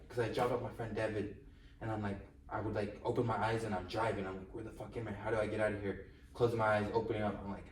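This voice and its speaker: A young man talks bluntly and teasingly, dropping slang as he goes, at a middle pitch. He sits back from the mic in a roomy space with a little noise in the background. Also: darkish tone. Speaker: podcast co-host. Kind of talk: casual chat. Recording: roomy echo, far from mic, faint noise.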